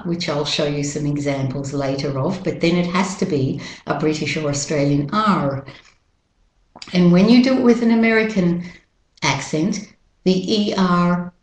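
A woman leads an audio pronunciation lesson, speaking slowly and repeating each model word and sentence with care. Her voice sits a little low. The recording has a noticeable roomy echo. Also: a little mellow. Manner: slow, careful, repeats model words and sentences. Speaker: pronunciation teacher.

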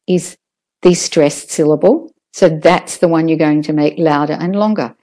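A woman teaching English word stress in a recorded lesson, patiently modelling each word slowly. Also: fairly low pitch, mellow. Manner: slow, patient, drawn-out model words. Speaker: pronunciation teacher.

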